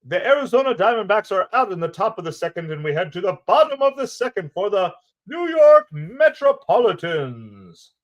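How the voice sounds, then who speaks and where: A man putting on the voice of an old-time 1940s radio baseball announcer, with a slow, drawn-out, theatrical delivery. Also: high voice, sing-song, dull audio, pitched above the performer's own voice. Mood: announcing.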